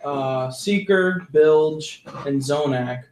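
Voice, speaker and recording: Man, dungeon master, calm rulings, echoey room, faint background noise. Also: a little high, very slow. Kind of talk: running a tabletop game.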